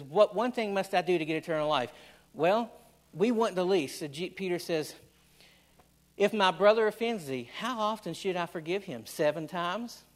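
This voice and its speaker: A man preaching a sermon with fervent, repetitive phrasing, often restarting his words as he builds emphasis. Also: high voice. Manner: impassioned, repetitive, stammers on restarts.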